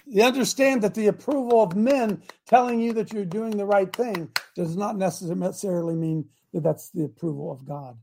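Gravelly high-voiced preachy man. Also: normal speed, few pauses, slight background noise. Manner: preachy, builds to shouting. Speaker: show host. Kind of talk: call-in talk show.

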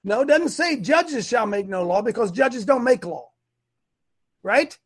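A man's voice: extremely high pitch, lively intonation, unhurried. A middle-aged man hosting a live online show, preaching emphatically and repeating his points. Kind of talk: fiery preacher-style live stream talk.

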